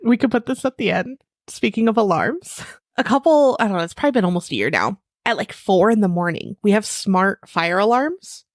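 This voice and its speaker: A woman co-hosting a podcast, telling stories in a playful, animated way. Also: mid-range voice, brisk, no room sound, studio quality. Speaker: podcast co-host. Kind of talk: casual chat.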